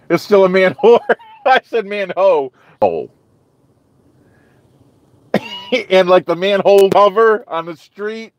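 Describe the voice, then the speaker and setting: A man's voice: sits high, no echo. Guy chatting on his live stream, rambly, lots of okay and you know, dry kinda dull audio. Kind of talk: casual chat with live viewers.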